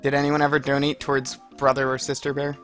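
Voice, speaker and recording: Flat-voiced man making offhand remarks. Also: medium pitch, fast, faint music behind. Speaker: speedrunner. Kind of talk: casual stream chat.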